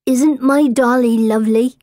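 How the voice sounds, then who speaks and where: A woman voicing an eerie, grubby girl of about eight who speaks quietly and matter-of-factly in an audiobook. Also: fairly high pitch, steady tone, measured pace, no echo, studio quality, voice pushed up, natural voice.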